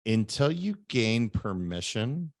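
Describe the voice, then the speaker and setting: Male podcast host, mid-pitched, earnest and thinking aloud, dry close sound. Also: sing-song, slow pace, no room sound. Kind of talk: conversational interview.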